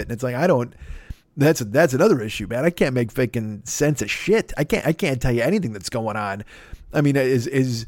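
A man's voice: medium pitch, expressive, a little fast, no room sound. A middle-aged man hosting a comedy podcast, talking in a rambling, profane, self-deprecating monologue full of tangents. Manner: profane, self-deprecating, jumps between tangents and mock voices.

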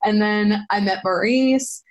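Young woman, interview guest, chatty storytelling, animated, mid-pitched voice. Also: takes it slowly. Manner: animated, jumps into excited quoted voices. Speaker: guest, former soap actress.

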